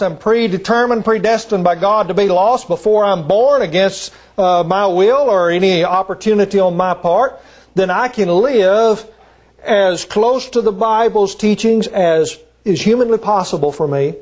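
A man preaching a sermon from the pulpit as a visiting gospel preacher, deliberate and emphatic, with frequent hesitant pauses. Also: high-pitched. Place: church.

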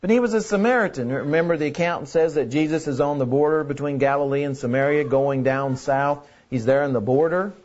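A man's voice: on the high side, brisk, few pauses, a little mellow, lo-fi sound. A man preaching a sermon in an earnest way, repeating key phrases for emphasis. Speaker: pastor.

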